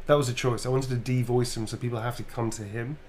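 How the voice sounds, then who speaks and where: British man, voice actor, casual livestream chat, relaxed, swears a bit, faint background noise. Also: medium pitch, fast talker. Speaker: voice actor signing autographs on a livestream.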